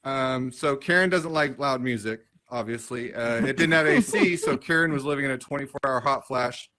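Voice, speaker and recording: A man in his thirties performing a stand-up set on a comedy club stage, with dry, self-mocking jokes and quick asides to the crowd. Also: mid-range voice, background noise. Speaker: stand-up comedian hosting the show.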